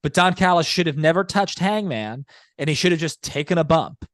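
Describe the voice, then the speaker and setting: A man's voice: a little high, animated, brisk, a bit bright, no echo, studio quality. A man co-hosting a podcast, talking in a casual, analytical way with long explanations. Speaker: podcast co-host. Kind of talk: casual chat.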